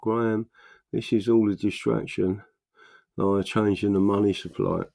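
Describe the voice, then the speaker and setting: A middle-aged man runs a casual livestream from home, reading out viewer comments. His low voice has a gravelly, creaky edge. He rambles, jumps up into animated bursts, then drops to mutters while fiddling with his screen. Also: moderate pace. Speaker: political livestream host.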